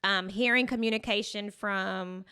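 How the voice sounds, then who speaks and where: A woman's voice: mid-range voice, a little slow, clean tone. A woman co-hosting a podcast, telling a story in casual chat and acting out the people in it. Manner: storytelling, animated retelling with quoted voices. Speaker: podcast co-host.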